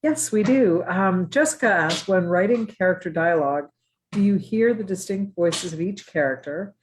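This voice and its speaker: A woman's voice: fairly low pitch, lively intonation, normal speed, rough recording. A woman reading audience questions aloud in a plain, matter-of-fact way. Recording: faint background noise and clicks.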